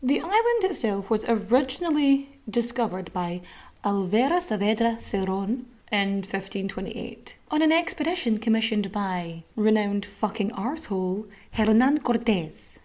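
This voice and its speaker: A woman, hosting a podcast and telling a history story in a sweary, sarcastic, animated way. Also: medium pitch, moderate pace. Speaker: podcast host. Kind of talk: casual storytelling chat.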